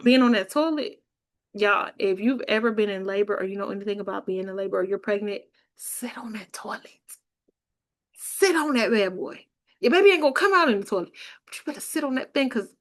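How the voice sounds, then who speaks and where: Woman vlogger, animated chatty storyteller, mid pitch. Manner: chatty, animated, laughs while telling. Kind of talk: casual storytelling vlog.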